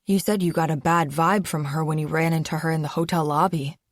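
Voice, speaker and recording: A woman's voice: low-pitched, steady tone, brisk, dry recording, studio quality, close to an everyday voice. A woman reading an audiobook, voicing a young adult man who is an easygoing, mildly dismissive boyfriend. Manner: casual, teasing, mildly scoffing. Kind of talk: audiobook character voice.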